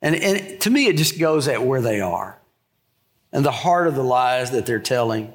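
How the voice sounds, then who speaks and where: A middle-aged man preaching a sermon, telling stories and acting out quotes with sudden high shouts. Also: big pitch swings, normal speed. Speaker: pastor.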